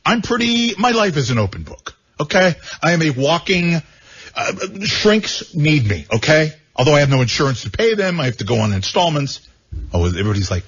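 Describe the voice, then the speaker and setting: A man's voice: fairly high pitch, big pitch swings, brisk, fairly bright tone, breathy edge. A man hosting a talk radio show, joking and rambling with frequent stammered repeats. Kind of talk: casual talk radio banter. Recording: dull lo-fi radio sound.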